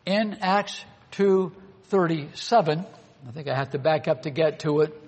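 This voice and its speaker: A man's voice: a little high, measured pace, darkish tone. A man preaching a sermon, earnest and full of rhetorical questions to the congregation. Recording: long hall reverb.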